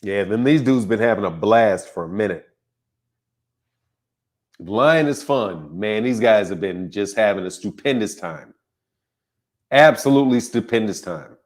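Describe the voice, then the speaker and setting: A man's voice: on the low side, animated, unhurried, pauses often. A man hosting a live boxing stream, chatting casually, laughing often and greeting viewers by name. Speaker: boxing channel host.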